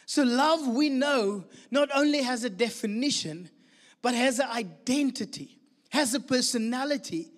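High-voiced pastor preaching. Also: male voice, unhurried, big-room sound. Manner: storytelling, lively and animated with laughter. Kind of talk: sermon.

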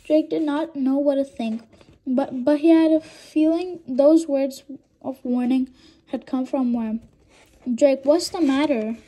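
A woman's voice: sits high, unhurried, dark tone, poor audio. A woman reading a children's book aloud, hesitant, with stumbles, restarts and small hums. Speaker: reader.

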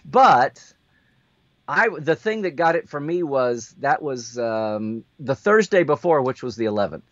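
A man hosting a casual video chat, telling an anecdote in an animated way and acting out the quotes. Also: mid-range voice, measured pace, no room sound, highs cut off. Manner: animated storyteller, acts out quotes. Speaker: host.

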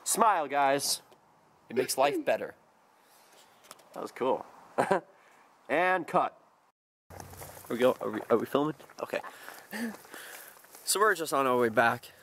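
A man in his twenties talks casually to his viewers while walking outdoors, joking and wandering from one story to the next. He is recorded on a handheld camera mic in a quiet open field, and his voice sits at an ordinary mid pitch. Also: expressive, takes it slowly, long pauses, a little hiss or hum. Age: 20s. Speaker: vlogger. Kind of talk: casual vlog chat.

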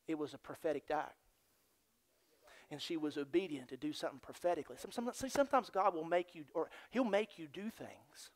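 A man preaching a sermon as pastor in a church, dropping to hushed near-whispers and then building to loud, excited storytelling. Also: fairly high pitch.

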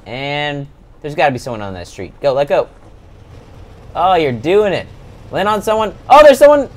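A young man co-hosting a gaming show, excitedly egging on his partner and laughing along. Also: on the high side, moderate pace. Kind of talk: casual gameplay banter.

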